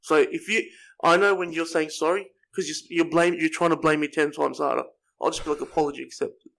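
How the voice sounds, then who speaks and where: A man's voice: fairly high pitch, steady tone, fairly quick, vocal fry, a bit bright, rough recording. A man co-hosting a podcast, teasing and needling his co-host in casual banter.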